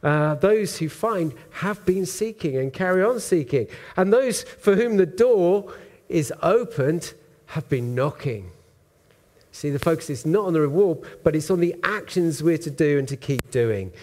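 A man preaching a sermon in church, in a relaxed conversational way with frequent ums and uhs. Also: on the high side, unhurried. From Britain. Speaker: pastor.

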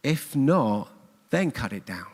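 A man voicing a humble male vineyard gardener with a West Country accent, speaking in a slow, gentle rural drawl. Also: mid-range voice, big pitch swings, breathy edge, long reverb tail, heavily acted. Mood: pleading.

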